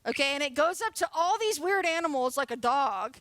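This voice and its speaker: A woman's voice: high voice, lively intonation, a little fast, fairly bright tone, no echo. A woman in her late twenties giving a casual, playful sermon as a youth pastor. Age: 20s. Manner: casual, chatty and playful, laughing often.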